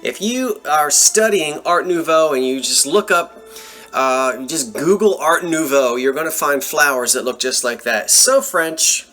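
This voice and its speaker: Brief: excitable male antiques dealer, chatty show-and-tell, faint music under. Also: on the high side, unhurried. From Philadelphia area. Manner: animated, enthusiastic, chatty asides. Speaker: antiques seller showing a thrift haul. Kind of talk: casual show-and-tell vlog.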